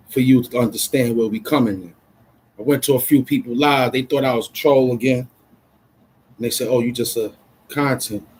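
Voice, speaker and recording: An adult man from Brooklyn, chatting casually on a livestream in an excitable, rambling way full of street slang. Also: mid-range voice, breathy edge, low-quality recording. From Brooklyn, New York. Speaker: vlogger.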